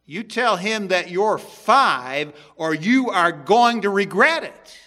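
A man's voice: high-pitched, lively intonation, takes it slowly, bright, forceful tone, voice pushed up, exaggerated voice. A man voicing a stern young mother giving her son firm orders in a sermon story. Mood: insistent.

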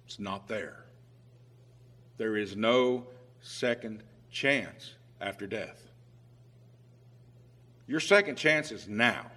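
A man preaching a sermon with emphatic swings in loudness who reads scripture aloud in old-fashioned biblical phrasing. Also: medium pitch, breathy edge.

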